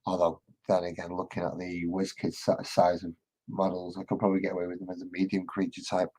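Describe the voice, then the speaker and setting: A man's voice: deep voice, completely flat delivery, brisk, darkish tone, poor audio. A man casually chatting with his live-stream viewers while he paints miniatures, rambling and joking along the way.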